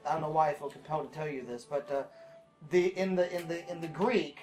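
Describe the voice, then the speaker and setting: A man's voice: fairly high pitch, expressive, moderate pace, a little mellow, faint music behind. A man leading a casual Bible study, reading scripture aloud and breaking off to explain, with many fillers and restarts.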